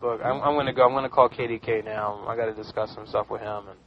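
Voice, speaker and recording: A male radio host who bantered casually, swung between excited laughter and mock dejection. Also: lowish voice, fast talker, highs cut off, slight background noise.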